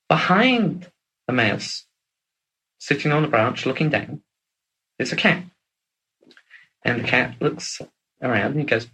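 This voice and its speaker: A man's voice: medium pitch, lively intonation, a little slow, vocal fry, pauses often, a bit bright, slightly rough, rough recording. A man hosting a session, telling a long joke in a casual, chatty way. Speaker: host.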